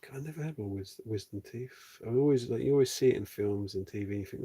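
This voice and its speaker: A man chatting casually and softly with viewers on a livestream while he paints a model. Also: mid-range voice, fast talker, breathy edge. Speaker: streamer and miniature sculptor.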